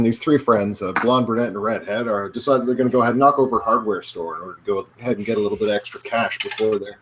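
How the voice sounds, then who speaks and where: A man's voice: mid-range voice, background noise. Easygoing man telling a joke. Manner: easygoing, laid-back storyteller. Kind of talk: casual joke-telling chat.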